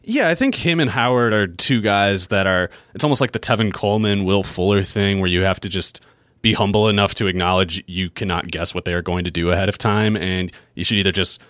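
A man's voice: sits low, a little fast, fairly bright tone, no echo, clean studio sound. A man co-hosting a fantasy football podcast, working through long analytical explanations full of restarts in casual chat. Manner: thinks aloud in long run-on explanations, frequent restarts.

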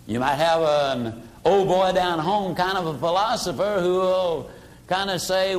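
An older man giving a sales seminar talk, acting out customers' voices and dropping his voice low for effect. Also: moderate pace, a little hiss or hum. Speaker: sales trainer.

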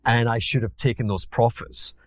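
A man's voice: mid-range voice, steady tone, moderate pace, dry recording, clean studio sound. A man from Glasgow with a Scottish accent, a former hedge fund manager who tells anecdotes theatrically and mocks himself. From Glasgow, Scotland. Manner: theatrical, acts out quotes, self-mocking. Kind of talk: animated anecdotal storytelling.

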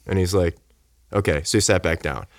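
A man telling a story in casual conversation, animated and acting out the voices of the people in it. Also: low-pitched, a little fast, no echo, studio quality. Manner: animated, acts out quoted voices. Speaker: guest speaker.

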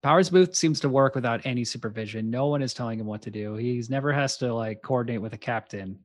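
Animated man recapping a movie. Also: medium pitch, dry recording, studio quality. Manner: animated, crude, acts out movie lines in quick voices. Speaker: podcast co-host. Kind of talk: casual chat recapping a movie.

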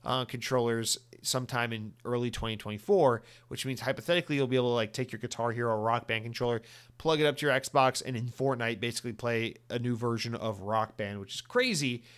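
A man's voice: medium pitch, brisk, fairly bright tone, clean tone. A man hosting a solo gaming podcast from his home office, rambling and sarcastic, swearing freely as he mock-rants at listeners. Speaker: podcast host. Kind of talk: solo podcast news and outro rant.

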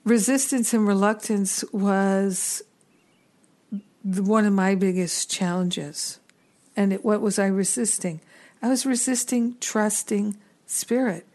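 A middle-aged woman hosting a reflective spiritual teaching talk, earnest and unhurried, with gentle self-deprecating asides. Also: medium pitch. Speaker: spiritual teacher and podcast host.

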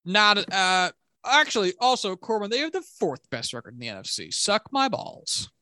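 A man's voice: high-pitched, huge pitch swings, a little fast, pushed and bright, no room sound, clean studio sound. A man co-hosting a casual sports podcast, chatty and self-deprecating, with joking trash talk. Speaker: podcast co-host.

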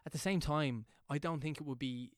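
A man's voice: on the high side, fairly quick, no echo, studio quality. A man hosting a casual chat, speaking hesitantly and thoughtfully with lots of filler words.

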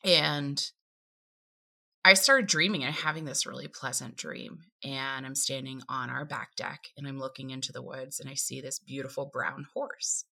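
A woman's voice: a bass voice, fairly even intonation, moderate pace, gravelly, bright, forceful tone. A woman with an Appalachian accent, a podcast guest telling a personal story vividly and acting out her own inner voice.

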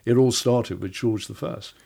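A man's voice: medium pitch, moderate pace, creaky, warm tone. A man telling history stories in a casual podcast conversation, often stumbling and restarting his phrases. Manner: stammering restarts, storytelling.

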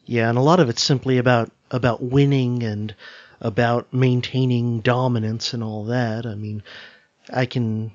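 A man hosting a podcast, chatting in a relaxed way and chiming in to agree with his guest. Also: mid-range voice, normal speed, no echo. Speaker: podcast host. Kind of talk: casual podcast conversation. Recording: dry, slightly muffled lo-fi audio.

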